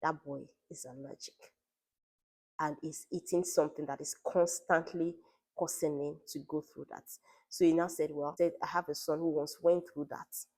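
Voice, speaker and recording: Woman, 30s, low pitch; chatty personal vlog storyteller. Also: steady tone, normal speed, mellow. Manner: conversational, retells dialogue, many fillers. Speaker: parent vlogger.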